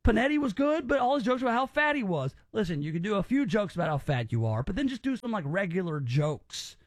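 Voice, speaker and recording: A man's voice: high-pitched, very animated, fast talker, no echo, studio quality. A man hosting a podcast, giving opinions in casual chat and often repeating words as he restarts. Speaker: podcast host.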